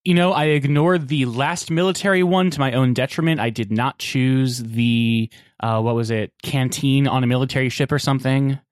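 A man's voice: mid-range voice, fairly even intonation, moderate pace, no room sound. Man, game show contestant, wry and mock-pleading, dry close sound. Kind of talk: comedy podcast banter.

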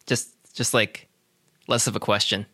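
A podcast co-host in casual banter, coaching the other host with quick asides and laughter. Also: mid-range voice, level tone, bright, forceful tone, slightly rough, no echo, clean studio sound. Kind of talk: casual banter, directing the read.

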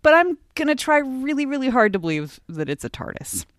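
A woman's voice: high voice, sing-song, fairly quick, no echo, studio quality. A woman hosting a podcast, chatting in a playful, emphatic way. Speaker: podcast host. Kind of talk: casual chat.

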